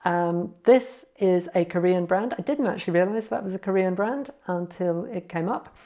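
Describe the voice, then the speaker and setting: A woman's voice: lowish voice, muffled recording. A woman casually teaching foreign words, spelling them out letter by letter and correcting herself as she goes. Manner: chatty, self-correcting, spells out letters slowly. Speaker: language learner sharing words.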